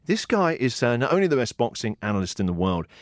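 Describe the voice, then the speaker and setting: Lively joking man, dry close sound. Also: mid-range voice, quick pace, no room sound. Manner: joking, animated, laughs often. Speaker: podcast co-host. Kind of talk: casual banter.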